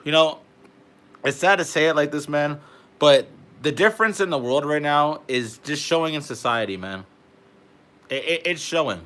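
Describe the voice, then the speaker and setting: A man's voice: a little high, animated, moderate pace, pauses often, a bit bright. A young man, delivering a heated, profane political rant to camera and peppering his talk with "bro". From Canada. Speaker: vlogger.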